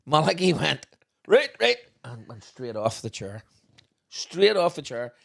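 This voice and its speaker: A middle-aged man, co-hosting a podcast and telling stories in a lively way, laughing often. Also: mid-range voice, measured pace, vocal fry. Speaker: podcast co-host, father. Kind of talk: casual storytelling chat.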